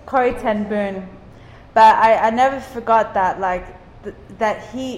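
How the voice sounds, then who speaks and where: A woman slowly and earnestly encouraging a women's group with a faith talk. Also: a little high, echoey room, in a large hall, slight background noise, rough recording.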